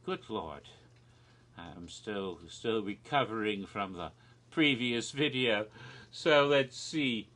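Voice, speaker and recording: Slow-talking man with a bright, tense voice. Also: lowish voice, a little hiss or hum. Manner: rambling, absurd deadpan humor with frequent restarts. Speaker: video creator. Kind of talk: comedic monologue of made-up haunted houses.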